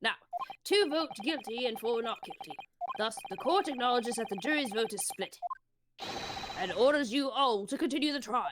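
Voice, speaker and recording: Giggly high-voiced woman co-streamer. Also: animated, normal speed, background noise. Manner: giggly, reads game text aloud. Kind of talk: casual game playthrough chat. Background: game music.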